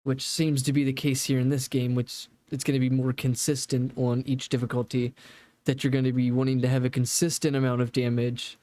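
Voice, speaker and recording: A man's voice: mid-range voice, little pitch movement, brisk, mellow, dry recording. A man casually reacting to a game developer video, rambling and swearing now and then as he explains game mechanics. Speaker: gaming reaction host.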